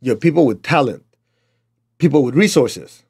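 A man's voice: medium pitch, lively intonation, moderate pace, darkish tone, breathy edge. Blunt middle-aged man with a Chinese accent. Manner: blunt, emphatic, direct. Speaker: motivational teacher. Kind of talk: motivational talk.

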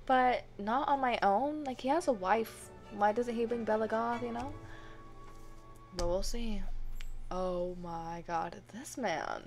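A woman hosting a life-sim let's play, commenting excitedly with gasps and laughs. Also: medium pitch. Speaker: gaming channel host.

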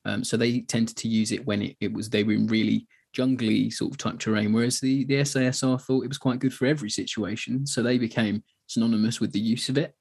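Gravelly English man chatting casually. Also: mid-range voice, steady tone, fast, hardly any pauses, darkish tone. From England. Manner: chatty, loose and rambling with many restarts. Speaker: podcast co-host. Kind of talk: casual chat.

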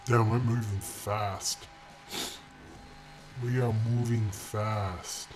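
Dude yelling and cursing over a racing game, sarcastic, loud bursts now and then. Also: male voice, fairly low pitch, steady tone, very slow, music in the background. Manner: crude, sarcastic trash talk at other drivers; sudden loud outbursts and shouting. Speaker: gaming channel host. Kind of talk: profane gameplay commentary. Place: room at home. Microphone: desk mic.

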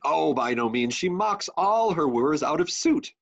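A man's voice: a little high, lively intonation, measured pace, fairly bright tone, full character voice. A teenage boy playing a doting old nobleman father in a Shakespeare school play, sometimes stumbling over his lines. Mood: fond. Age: late teens. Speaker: student actor. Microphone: video call. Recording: muffled video-call audio.

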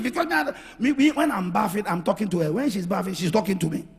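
A middle-aged man preaching a lively sermon, swinging from soft, intimate asides to loud shouts, with a raspy voice. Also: high voice, fast. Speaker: pastor. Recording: reverberant hall with music behind.

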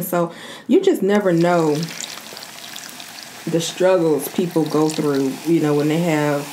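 A relaxed woman with a drawl talks to her viewers between bites, chatty and easygoing. Her voice sits a little low. Faint room ambience hums behind her close mic. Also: a little hiss or hum. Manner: chatty, addresses viewers as y'all. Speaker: mukbang vlogger. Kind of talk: casual eating vlog chat.

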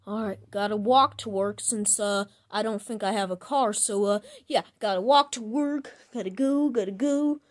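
A woman narrating her own plush toy skit in a chatty, repetitive way, talking through each step out loud. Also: mid-range voice, normal speed, few pauses. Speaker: plush video maker.

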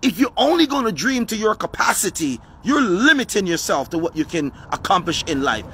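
A man's voice: high-pitched, big pitch swings, fairly quick, a bit bright, slight background noise. A man giving a motivational talk outdoors, with an emphatic, preachy delivery that repeats key phrases. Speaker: motivational speaker. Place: outdoors on his front step.

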